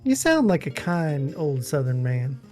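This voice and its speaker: A man's voice: a little high, sing-song, measured pace, a little mellow, faint music behind. Man making dry jokes in casual chat. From Virginia and Puerto Rico. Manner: dry, joking asides.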